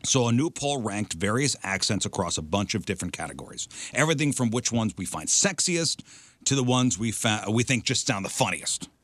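Male radio host, bright tone, lively pitch, dry studio sound, playful poll-reading. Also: fairly quick, dry recording. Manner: reads poll results with playful announcing. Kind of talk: casual radio chat.

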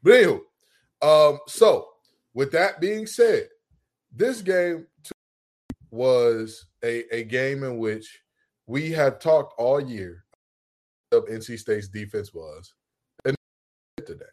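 Man, casual sports podcast chat, jokey trash talk, mid-pitched voice. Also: takes it slowly, long pauses. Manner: animated, jokey, trash-talking. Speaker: podcast co-host.

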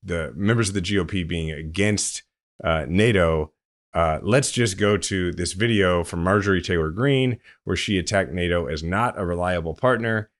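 A man hosting a podcast, explaining political news in a relaxed, chatty way. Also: low-pitched, normal speed. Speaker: podcast host. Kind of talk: casual political commentary.

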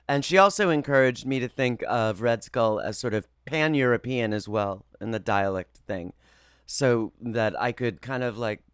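A man who works as a voice actor, telling stories in an interview in a lively, expressive way. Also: mid-range voice, normal speed, clean tone, no room sound, clean studio sound. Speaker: voice actor guest. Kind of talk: animated interview storytelling.

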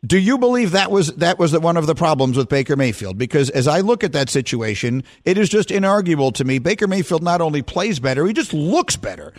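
A man hosting a sports radio show, chatty and quick to laugh as he asks his guest questions. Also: on the high side, sing-song.

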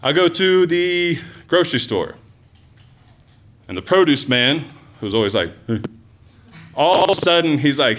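A man telling a personal story live to an audience, in an animated, conversational way with lots of asides and fillers. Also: a little high, a little slow, long pauses, slight background noise. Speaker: storyteller, former teacher.

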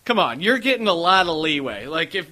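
Man, podcast host, casual chat, rambling anecdotes, bright forceful voice, a bit high. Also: very animated, brisk. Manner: rambling storyteller, acts out quotes.

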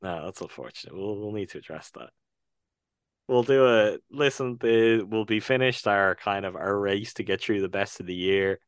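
A man's voice: fairly low pitch, moderate pace, smooth, no room sound, clean studio sound. A man with an Irish accent, co-hosting a casual film review podcast and retelling a film with earnest, thoughtful hesitations. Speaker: podcast co-host reviewing films.

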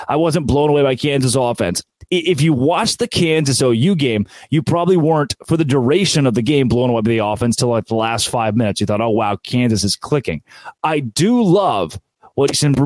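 Male sports host, exasperated and sarcastic, middle-pitched voice, dry booth sound. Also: dry recording. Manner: exasperated, sarcastic, animated rants. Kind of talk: college football recap rant.

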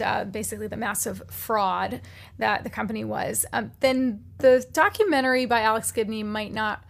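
Podcast cohost lady, kinda high voice, lots of vocal fry, brisk and chatty. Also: fairly bright tone. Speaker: podcast co-host. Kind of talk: casual panel chat.

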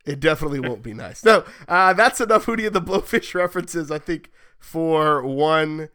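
A man's voice: fairly high pitch, lively intonation, normal speed, bright, forceful tone. A man hosting a sports podcast, chatty and joking, who asks long rambling questions. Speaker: podcast host. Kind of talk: casual sports podcast chat.

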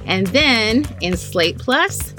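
A woman's voice: a little high, lively intonation, extremely slow. A woman host giving an upbeat, scripted introduction to a podcast episode. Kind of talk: show introduction. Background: music.

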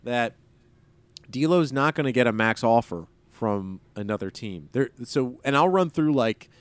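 Male podcast co-host, casual and rambling, middle pitch, dry close sound. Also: animated, unhurried, clean tone, no room sound. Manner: rambling, filler-heavy, wry. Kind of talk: casual sports chat.

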